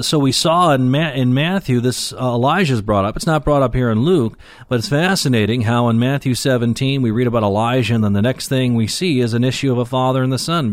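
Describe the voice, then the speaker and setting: A man's voice: mid-range voice, no room sound, studio quality. A man preaching a Bible lesson, reading scripture aloud and explaining it plainly with frequent fillers. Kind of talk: Bible teaching sermon.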